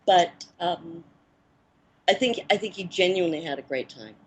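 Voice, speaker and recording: A woman in her fifties, a former child actress turned film producer, recalling her career in a measured, reflective way with soft fillers. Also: lowish voice, husky, low-quality recording. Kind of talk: interview reminiscence.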